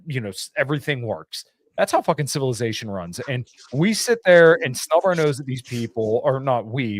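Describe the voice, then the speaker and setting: A man's voice: medium pitch, dry recording. A man talking heatedly and profanely in a casual podcast chat. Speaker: podcast co-host.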